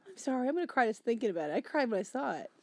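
A woman co-hosting a podcast in casual chat, quick, teasing and blunt. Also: fairly high pitch, big pitch swings, no echo. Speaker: podcast co-host.

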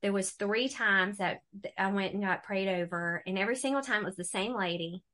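A woman's voice: medium pitch, fairly quick. Woman sharing a heartfelt faith story. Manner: animated storyteller, acts out quoted voices. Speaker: guest. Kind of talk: faith testimony in casual conversation.

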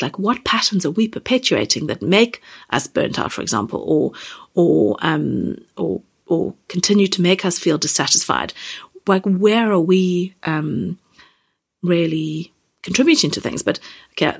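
A woman in her thirties or forties hosting a podcast, speaking gently and haltingly about personal feelings, close to tears. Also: lowish voice, slightly rough. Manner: gentle, halting, many fillers and restarts. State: near tears. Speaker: podcast host. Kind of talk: reflective personal podcast talk.

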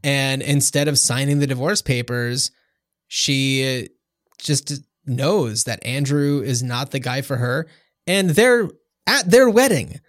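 Slow and mid-range, this male co-host's voice comes through clean studio sound without echo. He rambles casually about a film on the podcast, full of fillers and false starts.

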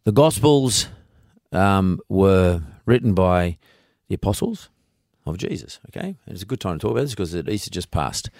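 A man's voice: deep voice, big pitch swings, moderate pace, a little mellow, dry recording, studio quality. A middle-aged Australian man hosting a podcast in casual interview chat, emphatic and folksy, often repeating himself as he makes a point. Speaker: podcast host.

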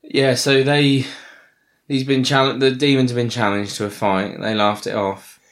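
A man, co-hosting a podcast in a casual chat, halting and restarting often and joking in slang. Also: medium pitch, little pitch movement. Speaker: podcast co-host.

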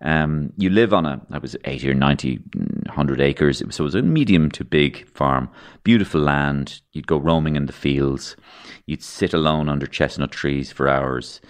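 Irish male podcast guest, very low-pitched, anecdotal storyteller with a macabre wit. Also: moderate pace, few pauses. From Ireland. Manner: rambling anecdotal storyteller, dark humour, acts out voices.

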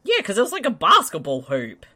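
Co-host, male, bright and animated, jokey casual chatter. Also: high-pitched, fairly quick. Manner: jokey, laughs often. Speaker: podcast co-host. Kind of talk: casual movie watch-along chat.

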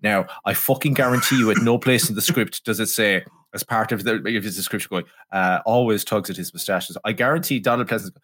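A man's voice: lowish voice, a little fast, hardly any pauses, fairly bright tone. Sarcastic, sweary man reviewing a film. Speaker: podcast co-host. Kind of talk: casual film review chat.

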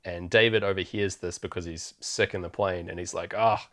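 A man's voice: low-pitched, steady tone, brisk, a bit bright. A man hosting a podcast, chatting loosely through a film recap and laughing often. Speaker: podcast host. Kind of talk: casual film recap chat.

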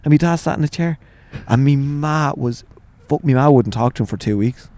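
A man's voice: medium pitch, normal speed, dark tone. A man with an Irish accent, in his forties, telling swearing, laughing anecdotes about his family in a casual interview. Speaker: guest, author.

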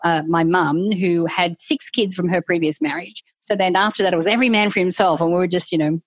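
A woman's voice: on the low side, steady tone, brisk, no room sound. A middle-aged woman, a guest telling a candid personal story in a casual interview and acting out her own inner voice.

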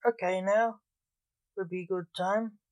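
A reader voicing a calm, sly male warlock who is held prisoner. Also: medium pitch, measured pace, dry recording, lightly acted. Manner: calm and teasing.

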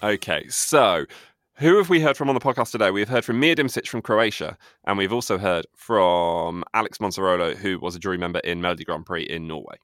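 A man's voice: low voice, a little fast, a bit bright, no room sound, studio quality. A man co-hosting a podcast in casual chat, running a quiz with a teasing, playful delivery. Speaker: podcast co-host.

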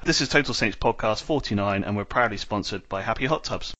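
Fast-talking man, jokey podcast host. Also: fairly low pitch, sharp tone. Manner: jokey, teasing, quick. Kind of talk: casual football podcast chat.

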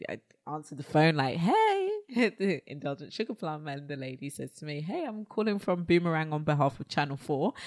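In a casual interview chat, a low-voiced guest from South London who bakes and runs a cafe tells stories animatedly. She exclaims and performs the quotes she relays.

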